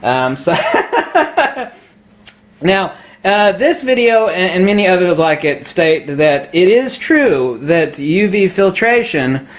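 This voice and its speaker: A male photography vlogger delivers an opinionated rant about camera gear straight to the lens, lecturing with emphasis and laughing at his own jokes. He puts on a mock Australian accent and keeps saying "mate." His voice is high-pitched and slow, swinging widely in pitch.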